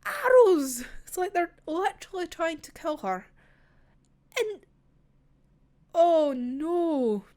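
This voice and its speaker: A young Scottish woman chatting casually about a manga in an animated, gushing way, swearing freely. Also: very high voice, takes it slowly, pauses often. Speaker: manga reviewer. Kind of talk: casual chat.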